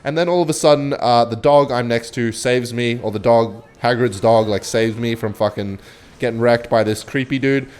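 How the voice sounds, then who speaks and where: A man's voice: medium pitch, moderate pace, a little mellow, clean tone. A young man telling a comedic story in a rambling, crude and profane way.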